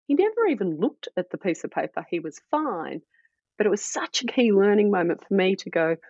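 A woman's voice: fairly low pitch, no room sound. A woman, a former midwife turned startup founder, telling self-deprecating stories as a podcast guest. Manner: energetic, self-deprecating storyteller. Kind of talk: casual podcast conversation. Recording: dull lo-fi dry audio.

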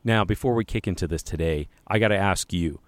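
A man's voice: low-pitched, brisk, no room sound. A man co-hosting a podcast, chatting casually and enthusiastically. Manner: enthusiastic, effusive. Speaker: podcast co-host.

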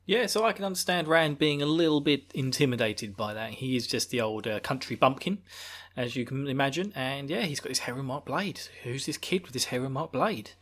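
A bright-toned man hosts a casual book recap, retelling the plot with playful energy. He breaks into laughter often and clearly enjoys the story. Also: medium pitch, fairly quick. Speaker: book discussion host.

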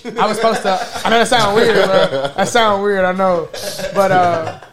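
A man telling a story in casual chat, animated and slangy, often laughing as he goes. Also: high voice, moderate pace, a crowd in the background.

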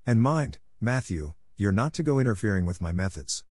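A stern, stiff older spinster who scolds as she speaks, put on by a male reader. The voice sits a little above his usual low register, and the sound is close and dry. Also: lively intonation, normal speed, a little mellow, breathy edge, no echo.

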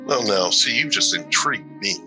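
A man's voice: fairly low pitch, lively intonation, moderate pace, over music. A man playing a tabletop game, talking in character and negotiating. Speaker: player.

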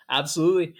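Laid-back man telling stories, slightly high. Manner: laughing, relaxed storytelling with swearing. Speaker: podcast co-host. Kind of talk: casual chat.

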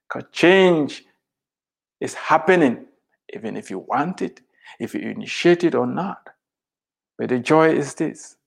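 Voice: mid-range voice, gravelly, slightly rough. Emphatic speaker repeating lines for effect. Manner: rhetorical questions, swings between loud and soft. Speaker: motivational speaker. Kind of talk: motivational address to immigrants.

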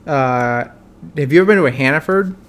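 A man co-hosting a casual podcast, reacting quickly and laughing along. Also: medium pitch, lively intonation, a bit bright. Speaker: podcast co-host.

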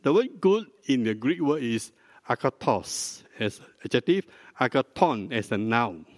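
An older man, a pastor, preaching a sermon in a slow, deliberate teaching manner, prompting the congregation with questions. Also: medium pitch, very animated. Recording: dry close mic with long hall reverb.

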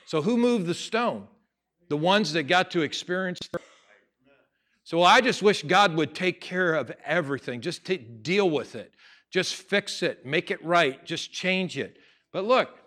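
Emphatic pastor preaching. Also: male voice, on the high side, expressive, a little slow. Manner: conversational preaching, building to loud emphatic passages. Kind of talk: sermon.

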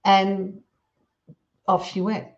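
A woman, a parenting expert guest, giving calm, measured advice in a podcast conversation. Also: medium pitch, gravelly, highs cut off. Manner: calm, measured, explains with examples.

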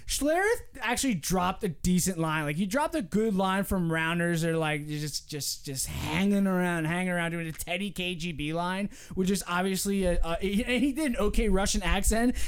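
A man's voice: high-pitched, moderate pace, hardly any pauses, clear, resonant tone. Man hosting a sports podcast, loose profane ranting delivery. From Philadelphia area. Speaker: podcast host. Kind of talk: casual sports chat.

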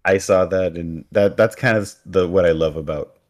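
A man's voice: low-pitched, moderate pace. A man co-hosting a podcast in casual chat, recapping a show with wry, sarcastic asides. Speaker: podcast co-host.

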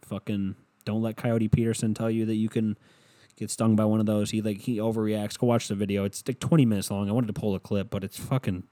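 A man's voice: lowish voice, flat delivery, quick pace, dark tone. A young man hosting a solo podcast, rambling casually with lots of profanity and filler words. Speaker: podcast host.

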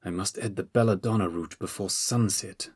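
A man voicing a cold, menacing masked sorcerer lord in an audiobook, with icy, drawn-out threats. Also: fairly low pitch.

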